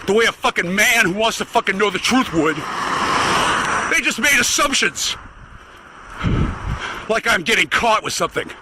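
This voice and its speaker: Furious high-voiced man ranting. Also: a little hiss or hum, rough recording. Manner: shouting, furious, swearing constantly. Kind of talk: angry profane rant to camera. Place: outdoors, walking to get the mail.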